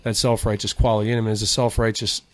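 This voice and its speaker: A man chatting in a relaxed, profane way during a casual podcast conversation. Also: lowish voice, quick pace, no echo. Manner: laid-back, swearing, conversational.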